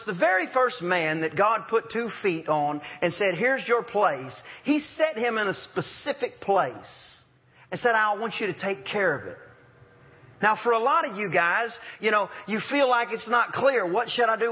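A man preaching a sermon in a folksy, storytelling way, joking and acting out sounds. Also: high-pitched. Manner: folksy storytelling with jokes and animal voices. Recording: dull lo-fi sermon recording.

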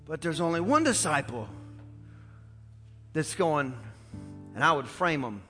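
A male pastor preaching a sermon in a lively, casual storytelling style. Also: a little high, unhurried, pauses often. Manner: storytelling, animated, casual slang. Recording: echoey church hall with faint music.

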